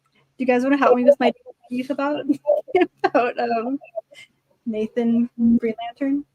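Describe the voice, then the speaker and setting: A woman co-hosting a casual podcast chat, speaking in a hesitant, halting way. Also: a little high, fairly even intonation, dark tone, no echo, muffled recording. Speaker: podcast co-host.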